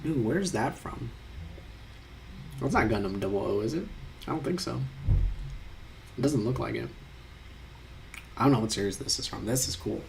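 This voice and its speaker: Young guy rambling thru online quizzes, mid pitch, mock outrage, faint hiss behind. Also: expressive, normal speed, gravelly, long pauses. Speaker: YouTuber taking online quizzes. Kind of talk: casual chat reading quiz questions aloud.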